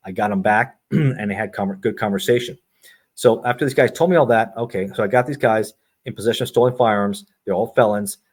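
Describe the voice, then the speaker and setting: A middle-aged man, a retired federal agent, telling stories as a podcast guest and acting out the dialogue he quotes. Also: on the low side. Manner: brisk storyteller who acts out quoted dialogue. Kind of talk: storytelling in a podcast interview.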